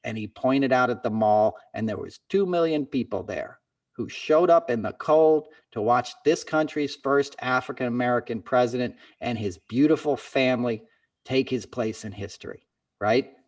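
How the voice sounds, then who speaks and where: A man's voice: mid-range voice, moderate pace, far from the mic. A man hosting a podcast in casual chat, talking in an earnest, impassioned way that sounds like a pep talk. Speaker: podcast host.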